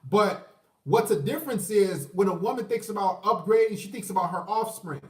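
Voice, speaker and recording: High-voiced ranting man in his thirties. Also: animated, brisk, recorded from a distance. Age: 30s. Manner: profane, rambling, mocking voices, shout-outs to viewers. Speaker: livestream host. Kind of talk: ranting livestream commentary. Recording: roomy echo, away from the mic.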